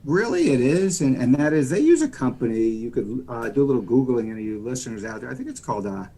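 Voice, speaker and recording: Speaking quickly in a sing-song, mid-range voice, this man has a dark, husky tone. He's an American mortgage lender on a casual podcast interview, rambling through loan explanations in a folksy manner with frequent "you know"s.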